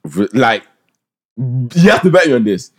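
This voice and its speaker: A man's voice: mid-range voice, very animated, measured pace. A young man co-hosting a podcast, laughing and chatting casually. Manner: laughing, hedges with "respectfully". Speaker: podcast co-host. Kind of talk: casual chat.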